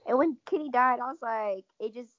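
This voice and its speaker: A woman guest on a casual podcast chat, expressive and swearing freely. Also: on the high side, brisk, no room sound. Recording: dull lo-fi recording.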